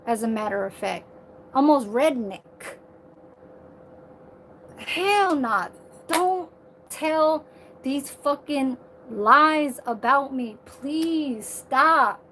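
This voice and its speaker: A woman with a high voice rants to her phone camera in a casual vlog. She talks animatedly, swears freely and leans on filler words. A faint hiss of background noise sits under her voice. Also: extremely slow, long pauses. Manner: animated, heavy profanity, lots of filler. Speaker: vlogger.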